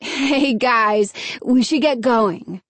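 A nervous young boy who puts on a tough front and talks insistently, read by a woman. The voice sits a little high. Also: very slow, no echo. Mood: uneasy. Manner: insistent, cautious. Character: nervous boy trying to act tough, Danny.

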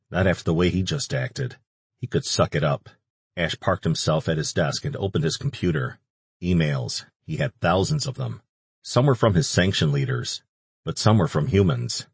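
A man narrating an audiobook in a steady, wry storytelling manner. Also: low-pitched, slightly rough, no echo.

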